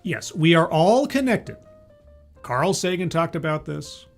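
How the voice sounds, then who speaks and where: A man's voice: a little high, expressive, a little slow. Rambling jokey man with faint music behind. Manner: rambling, jokey asides, many fillers and restarts. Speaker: commentator reacting to a talk. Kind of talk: casual reaction commentary.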